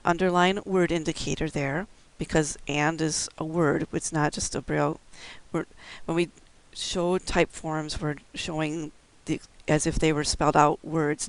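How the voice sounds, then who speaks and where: A man's voice: fairly high pitch, creaky, clean tone, no echo, poor audio. Methodical man teaching braille codes. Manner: methodical, explaining step by step with fillers. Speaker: braille instructor. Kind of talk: recorded instructional lecture.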